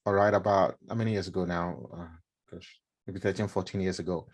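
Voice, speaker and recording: This middle-aged Nigerian man speaks fairly quickly in a low-pitched voice with fairly even intonation. He's giving a laid-back mentorship talk to a live stream audience, chatty and heavy on fillers and repetition.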